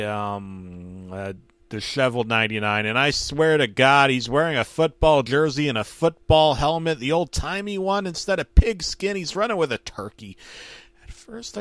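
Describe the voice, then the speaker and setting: A man narrating a comedic creepypasta in a deadpan, mock-serious horror tone. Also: mid-range voice, dry recording.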